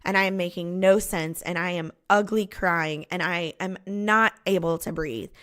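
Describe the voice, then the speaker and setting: A woman's voice: fairly low pitch, steady tone, normal speed, a bit bright, dry recording, clean studio sound. A woman, a podcast host candidly telling her own story, with a few restarts. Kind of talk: personal storytelling.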